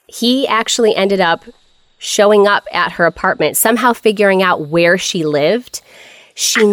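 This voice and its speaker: A woman's voice: lowish voice, a bit bright, no echo. A woman co-hosting a podcast, telling a story in a chatty, wry way. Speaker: podcast co-host. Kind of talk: casual storytelling chat.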